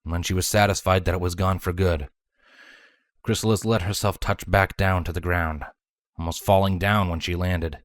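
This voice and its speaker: Man, very deep voice, measured dramatic story narration, dry close sound. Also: fairly even intonation, no room sound. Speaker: fanfiction reader.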